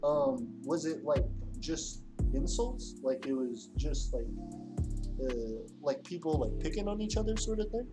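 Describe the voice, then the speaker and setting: A man's voice: on the high side, expressive, unhurried, music in the background. A man hosting a livestream in casual chat, reading out viewer comments with lots of fillers and restarts. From Louisiana. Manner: rambling, filler-heavy, reads chat aloud. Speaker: livestream host.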